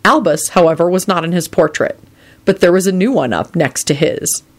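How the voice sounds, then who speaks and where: A woman narrating a fan-fiction story aloud, with expressive delivery. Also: lowish voice, normal speed.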